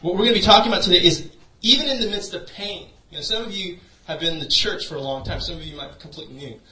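Racing along in a sharp, high-pitched voice, this male pastor delivers a sermon built around a personal story, speaking loosely with many "you know"s. The recording is echoey, his voice coming from a distance.

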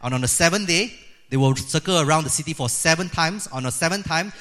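Middle-aged male pastor, animated preaching style, voice a touch high. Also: quick pace. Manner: lively, acts out quoted voices of God and people. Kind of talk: sermon.

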